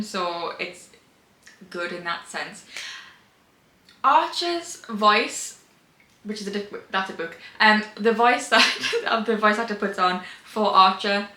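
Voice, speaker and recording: A woman's voice: mid-range voice, bright, forceful tone. A young woman casually chatting about her reading, gushing and emphatic, rambling with lots of restarts. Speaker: book vlogger. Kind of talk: casual reading wrap-up chat. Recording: roomy echo.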